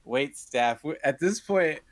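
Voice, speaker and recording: A man's voice: fairly high pitch, lively intonation, takes it slowly, no room sound. A young man telling a casual, profane story on a podcast, laughing through his punchlines. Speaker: podcast co-host.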